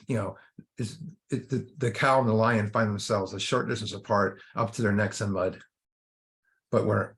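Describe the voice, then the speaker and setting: A man's voice: lowish voice, gravelly, a bit bright. A man leading a recovery workshop, giving an informal spiritual talk in a rambling way, full of fillers and restarts.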